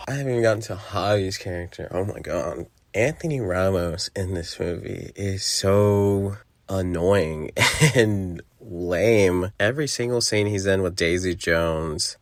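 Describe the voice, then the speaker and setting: A man's voice: low voice, a little slow, no echo. A young man hosting a podcast, giving a blunt, profane movie review with frequent laughter and mocking impressions.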